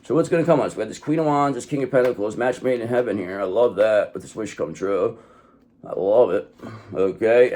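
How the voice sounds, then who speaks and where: A man talks through a tarot reading in a loose, rambling way, often pausing on "okay". He swears freely, and his voice sits at an ordinary middle pitch. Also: darkish tone. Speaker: tarot reader. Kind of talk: casual tarot reading monologue.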